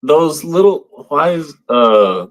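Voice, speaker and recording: This man's voice sits on the high side, with a slow, sing-song delivery. As co-host of a laid-back movie podcast, he rambles through casual chat, often laughing while quoting lines he loves.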